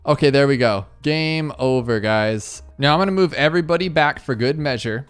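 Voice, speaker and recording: A man giving excitable commentary to his viewers while playing a video game. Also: mid-range voice, normal speed, clean tone, soft background music. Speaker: gaming YouTuber.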